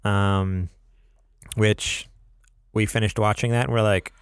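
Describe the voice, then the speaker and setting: A man's voice: fairly low pitch, steady tone, slow, clear, resonant tone, dry recording, studio quality. A young man co-hosting a podcast in casual chat, rambling with lots of fillers. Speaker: podcast co-host.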